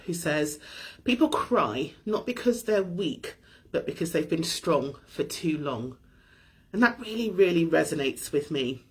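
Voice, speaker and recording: A middle-aged woman hosting a weekly live show, talking candidly and thoughtfully about her week with light self-deprecating laughs. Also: low-pitched. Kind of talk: candid personal reflection.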